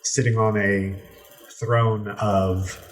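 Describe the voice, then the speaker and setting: A man narrating a tabletop role-play game as game master, describing scenes in an unhurried way with many fillers. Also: lowish voice, little pitch movement, noisy background.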